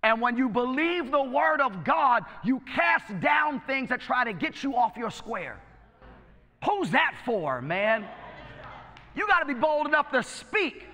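A man's voice: extremely high pitch, very animated, measured pace, bright, forceful tone, big-room sound. A male pastor preaching a sermon, exhorting and calling out to his congregation. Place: church sanctuary.

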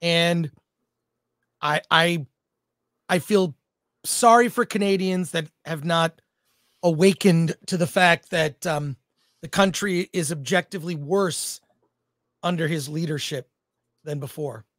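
A man's voice: a little high, slow pace, long pauses, fairly bright tone, no room sound, clean studio sound. A man co-hosting a film talk livestream, joking and reading viewer comments aloud. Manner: talkative, jokey, reads chat aloud. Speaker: co-host of a film talk show. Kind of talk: casual livestream chat.

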